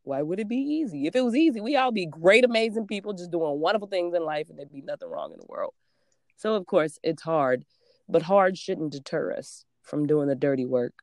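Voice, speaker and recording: A woman's voice: low voice, animated, fairly quick, a little mellow, no room sound, studio quality. A young woman from Georgia co-hosting a podcast, speaking in an earnest, motivational way in casual chat. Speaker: podcast co-host.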